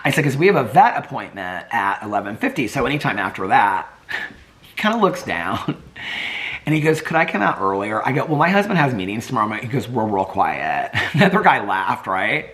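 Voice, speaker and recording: Lively, bright-voiced chatty man. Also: medium pitch, fairly quick. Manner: animated, chatty, laughs often, acts out quoted voices; drops to a hushed whisper near sleeping dogs. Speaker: vlogger. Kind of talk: casual vlog storytelling. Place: home.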